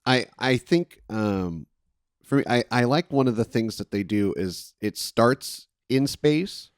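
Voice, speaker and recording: A man's voice: medium pitch, expressive, a little slow, clear, resonant tone, dry recording, studio quality. A man co-hosting a podcast, chatting casually and restarting his sentences as he thinks. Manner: hesitant, repeats words as he thinks. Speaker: podcast co-host. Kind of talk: casual chat.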